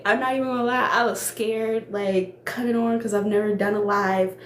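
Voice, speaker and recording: A woman's voice: mid-range voice, steady tone, normal speed, hardly any pauses. A young woman chats casually and earnestly on a phone live stream, laughing often and circling back over her words. She is emotional, close to tears. Her voice rings in an echoey room with a faint hiss of noise behind it. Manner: chatty and earnest, laughs often, repeats herself. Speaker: small cosmetics business owner hosting a live stream. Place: indoor room, makeup workspace.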